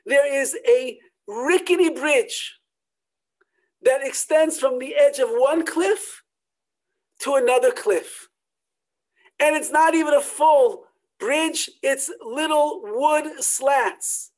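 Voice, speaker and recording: A Torah teacher telling a story in a sermon, swinging from loud emphatic peaks to hushed near-whispers. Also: high-pitched, takes it slowly, rough recording.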